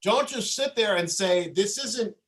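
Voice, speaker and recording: A man's voice: sits high, lively intonation, measured pace, a bit bright. A man voicing a grieving young wife who pleads with her husband to act, in an insistent, pleading way.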